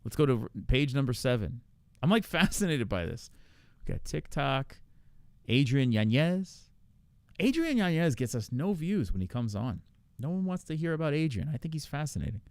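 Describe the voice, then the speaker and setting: Lively, profane podcast host man. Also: medium pitch, moderate pace, smooth, no room sound. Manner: profane, loose, laughing often. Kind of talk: casual chat reacting to streams.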